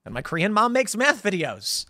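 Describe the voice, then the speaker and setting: Speaking at a moderate pace, a high-voiced American man hosts a casual political commentary show, delivering a monologue. He rambles through animated stories, laughing and restarting sentences along the way. The recording is close and dry, without any room echo.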